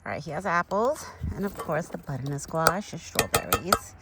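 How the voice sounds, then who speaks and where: A woman's voice: low-pitched, big pitch swings, moderate pace, very noisy. A woman vlogging outdoors while feeding a deer, chatty and bubbly, laughing often and a little out of breath. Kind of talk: casual outdoor vlog. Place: outdoors in a yard.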